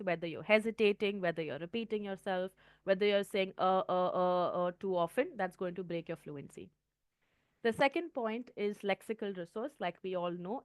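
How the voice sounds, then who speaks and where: A woman's voice: medium pitch, no echo. A woman with an Indian English accent teaching a test-prep webinar, explaining things step by step and often checking in with "okay?". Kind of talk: webinar lesson.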